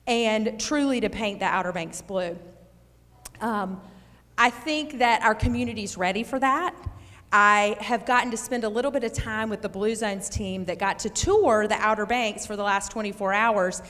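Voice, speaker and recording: A woman's voice: mid-range voice, moderate pace, a bit bright. A woman with an Eastern North Carolina accent giving an enthusiastic public speech to a live audience as a physician introducing a keynote. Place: large hall. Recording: reverberant hall.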